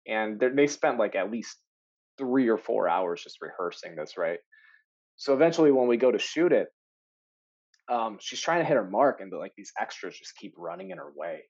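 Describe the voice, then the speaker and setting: A man who works as an actor, telling stories in a casual podcast chat, animated, laughing often and full of fillers. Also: fairly low pitch, husky, dull audio. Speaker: actor guest.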